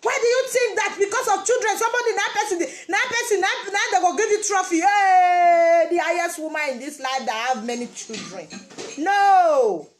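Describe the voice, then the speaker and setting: Emphatic high-voiced Nigerian woman. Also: fast talker, hardly any pauses, soft background music. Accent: Nigerian Pidgin English. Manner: emphatic, repeats phrases for emphasis. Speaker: vlogger. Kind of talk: casual motivational talk.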